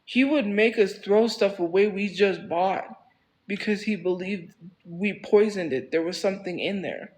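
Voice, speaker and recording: A man's voice: high voice, a little slow, poor audio. A man telling a story on a casual livestream, rambling and repeating phrases for emphasis in a heated, defensive way.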